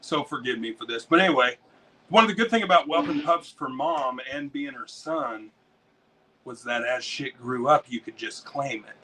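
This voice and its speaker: An American man, a dog breeder and interview guest, telling stories in a rambling, excitable way full of swearing. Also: mid-range voice, moderate pace, far from the mic, a crowd in the background, low-quality recording. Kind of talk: casual storytelling.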